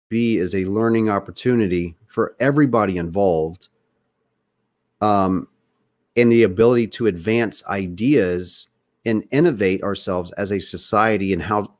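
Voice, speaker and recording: Podcast host, male, slight Southern drawl, lower-pitched voice; earnest, opinionated delivery, casual political talk. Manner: earnest, opinionated, talks straight to listeners.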